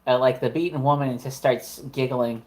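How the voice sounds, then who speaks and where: A woman's voice: rumbling low, fairly even intonation, fairly quick. A woman narrating a tabletop horror game as game master, casual and profane, with lots of "like" fillers.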